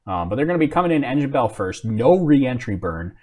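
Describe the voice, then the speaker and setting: A man's voice: medium pitch, big pitch swings, fairly quick, mellow. A man hosting a live commentary stream, talking casually, thinking aloud and answering viewer comments with self-mocking apologies. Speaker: livestream host.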